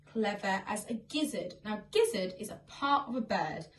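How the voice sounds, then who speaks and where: A woman's voice: medium pitch, lively intonation, normal speed, far from the mic, faint music behind, rough recording. A woman teaching a song with signs, explaining each sign step by step in a friendly way while filming herself on a phone at home. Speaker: singing and signing teacher. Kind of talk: online sign-and-sing lesson. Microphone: phone camera.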